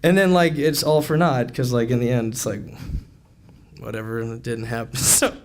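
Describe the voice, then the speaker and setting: A young man telling a comic story on stage at a live event, animated, laughing often and filling his talk with "like". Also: mid-range voice, normal speed. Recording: noisy live event recording.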